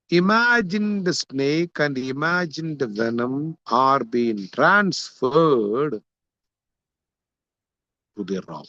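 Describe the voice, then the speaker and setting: The recording is muffled and has no room sound, capturing a man with a mid-range, fairly bright voice. He's lecturing on a Sanskrit text for a scripture class, defining each Sanskrit term in turn and going back over points for emphasis.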